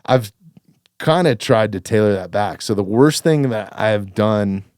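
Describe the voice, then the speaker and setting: Chill guy in his 30s, kinda low voice, cussing and saying dude a lot, dry close sound. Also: animated, a little slow, a little mellow, no room sound. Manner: swears freely, says dude a lot. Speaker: podcast host. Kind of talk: casual chat.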